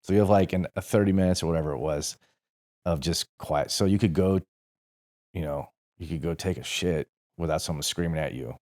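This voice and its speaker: Man, 40s, from St. Louis, podcast guest, very low voice, warm tone, rambling casual storytelling. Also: brisk. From St. Louis, USA. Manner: rambling, self-correcting, profane and laughing. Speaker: podcast guest, former Marine.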